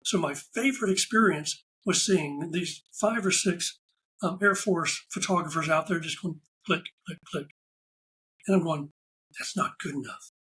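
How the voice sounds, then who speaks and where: A man talking as a podcast guest. He tells stories in a casual, animated way and acts out the lines of the people in them. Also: on the high side, measured pace, a little hiss or hum, low-quality recording. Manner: animated anecdotal storyteller, acts out quoted dialogue. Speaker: podcast guest, ride photographer. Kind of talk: casual interview storytelling.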